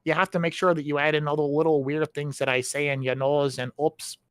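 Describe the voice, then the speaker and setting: A man's voice: fairly high pitch, flat delivery, brisk, clean tone, no echo. Guy explaining writing stuff, lots of tag questions, pretty dry recording. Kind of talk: casual chat about writing.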